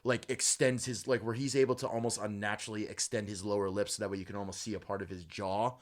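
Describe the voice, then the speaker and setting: A man's voice: on the low side, little pitch movement, quick pace. A man co-hosting a podcast, rambling casually about a film with lots of fillers. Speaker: podcast host. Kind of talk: casual movie discussion.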